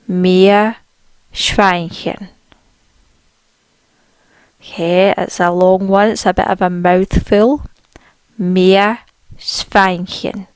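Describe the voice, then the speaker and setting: A woman teaching a spoken language lesson, saying each word slowly and repeating it clearly for learners. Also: mid-range voice, no echo.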